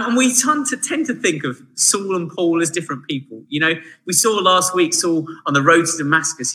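Guy giving a sermon, fairly high voice, lively and conversational, lots of asides. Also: poor audio. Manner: chatty, animated, with frequent asides to listeners. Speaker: preacher.

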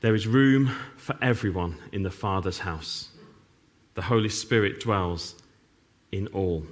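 Middle-aged pastor, animated sermon delivery, wry sarcastic asides. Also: male voice, deep voice, unhurried. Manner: wry, self-mocking humor with sarcastic asides.

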